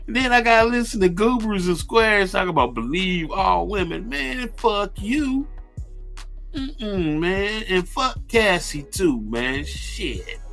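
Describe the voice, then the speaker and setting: A man hosting a radio show, telling a street story in a laid-back, crude and boastful way, with halting restarts. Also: high-pitched, animated, gravelly, fairly bright tone, faint music behind. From Ohio. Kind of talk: casual profane storytelling.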